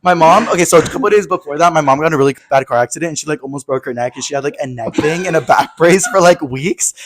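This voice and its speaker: A man's voice: fairly high pitch, racing. A young man co-hosting a podcast, telling stories in a chatty, slangy way with lots of laughing. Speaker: podcast co-host. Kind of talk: casual chat.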